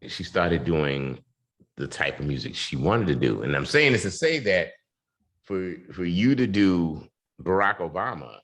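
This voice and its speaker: Deep-voiced animated interview host. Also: male voice, a little slow. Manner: animated, hyped, filler-heavy. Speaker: podcast host. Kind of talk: casual interview talk.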